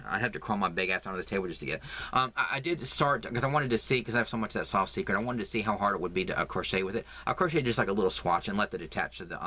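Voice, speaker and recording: A man from the American South with a Southern accent, chatting in a halting way about a yarn haul, full of fillers and restarts. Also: sits low, pushed and bright. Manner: halting, lots of fillers and repeats. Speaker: crafting vlogger. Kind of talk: casual yarn haul chat.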